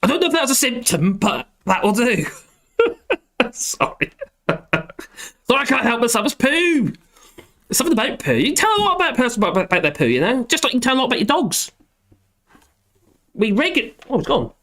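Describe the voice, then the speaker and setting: Middle-aged male streamer, high voice with a bouncy, lively delivery, jokey and self-deprecating. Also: quick pace. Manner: rambling, jokey, self-deprecating, chuckles often. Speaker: live stream host reading chat. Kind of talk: casual live stream chat.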